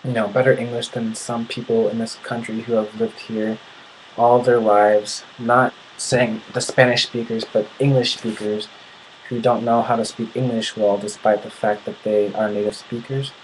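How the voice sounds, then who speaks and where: A man's voice: on the low side, flat delivery, normal speed, a little hiss or hum, poor audio. A young man from the United States venting in a casual video. He sounds indignant and often restarts his sentences. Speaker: vlogger.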